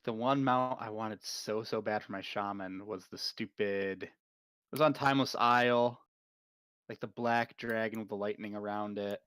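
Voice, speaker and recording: A man's voice: lowish voice, steady tone, moderate pace, fairly bright tone, clean tone, no room sound. A man co-hosting a podcast, chatting casually about games with blunt, offhand remarks. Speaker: podcast co-host.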